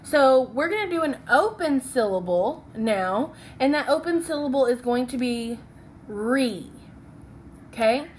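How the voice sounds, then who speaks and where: A young woman teacher leading a phonics lesson, talking slowly and checking in often with "okay?" as she writes along. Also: high voice, expressive, a little hiss or hum. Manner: slow, patient, checks in with "okay?".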